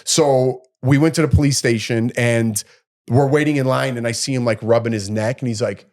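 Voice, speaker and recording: A middle-aged man rambles through a story on a casual podcast, his voice at an ordinary middle pitch. He leaps higher and louder whenever he acts out what someone said, then drops back to an easy conversational tone. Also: normal speed. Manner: animated, acts out quotes in a raised voice. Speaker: podcast co-host.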